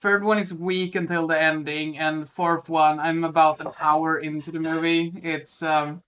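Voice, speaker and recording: A podcast co-host with a lisp, chatting casually about films and often pausing on ums. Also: medium pitch, flat delivery, a bit bright, muffled recording. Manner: hesitant, lots of ums. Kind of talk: casual film chat.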